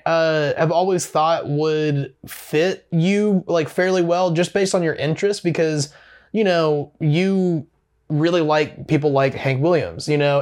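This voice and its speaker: A man's voice: a little high, clean tone. A man hosting a casual interview, asking long, wandering questions full of fillers. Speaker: podcast host.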